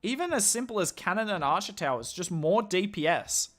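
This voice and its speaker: An Australian man talks casually on a live game stream, answering chat and musing aloud. His voice is bright and forceful and sits slightly high for a man. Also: sing-song, brisk. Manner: chatty, answers chat questions, thinks aloud.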